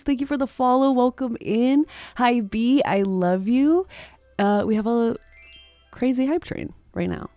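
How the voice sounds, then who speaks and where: A woman's voice: fairly high pitch, measured pace, mellow, no echo, faint music behind. A woman streaming a cozy game live, gushing thanks to her viewers and laughing often.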